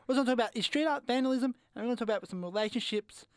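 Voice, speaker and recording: High-voiced young man hosting radio. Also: very fast, clean tone, dry recording, clean studio sound. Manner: playful, jokey, trips over words. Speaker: radio host. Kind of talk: casual student radio chat. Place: radio studio. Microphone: studio microphone.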